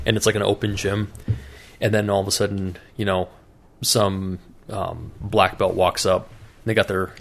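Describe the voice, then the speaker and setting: A man's voice: sits low, vocal fry, fairly bright tone. A man co-hosting a casual podcast, telling profane stories and acting out the people in them. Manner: profane storyteller acting out quoted voices. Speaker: podcast co-host.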